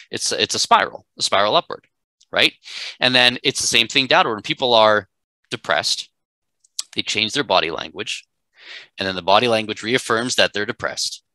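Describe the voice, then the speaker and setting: A man's voice: on the low side, bright, forceful tone, no room sound, rough recording. A man teaching a live class, emphatic and conversational, often checking in with "right?". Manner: emphatic, keeps asking "right?". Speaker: instructor.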